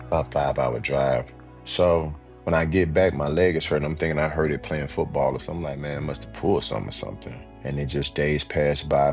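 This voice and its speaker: A man with a strikingly deep voice tells his own story as an interview guest. He talks casually and animatedly, often saying "you know what I mean" and acting out other people's lines. Faint music plays underneath. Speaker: podcast guest.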